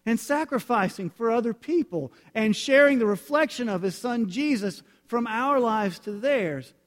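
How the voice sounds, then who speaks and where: Male pastor, lightish voice, warm direct sermon delivery with Bible readings, echoing sanctuary. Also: high voice. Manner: earnest, conversational, addresses congregation directly. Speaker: preacher. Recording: long hall reverb.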